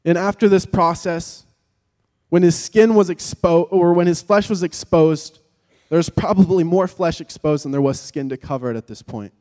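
A man preaching with a somewhat high voice, dramatic and vivid, pressing hard on key words and then falling to near a whisper. His voice rings out with a long reverb, as in a large church hall. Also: normal speed. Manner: vivid, dramatic, swings from loud emphasis to hushed tones. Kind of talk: sermon.

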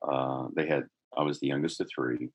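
A middle-aged man with a husky voice, earnestly telling a personal story in conversation, growing more animated as he goes. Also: very deep voice, normal speed. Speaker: guest telling his life story.

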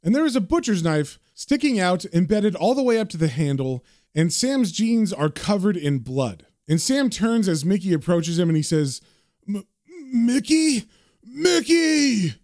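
A man reading a comic aloud in a casual, animated manner, describing the panels. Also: high-pitched, moderate pace, dry recording, studio quality. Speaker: comic book reader.

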